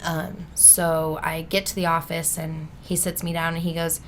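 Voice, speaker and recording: A woman's voice: low voice, normal speed, slight background noise. A woman vividly telling her story. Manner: animated, breaks into laughter, acts out the people in her story. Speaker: podcast guest. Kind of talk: personal storytelling in a podcast interview.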